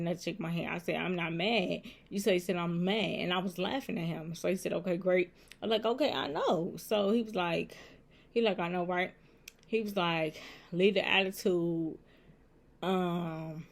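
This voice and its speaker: A woman vlogging a casual storytime at home. She retells a text-message exchange line by line, switching back and forth between what he said and what she said. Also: on the low side. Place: indoors at home, with a laptop nearby.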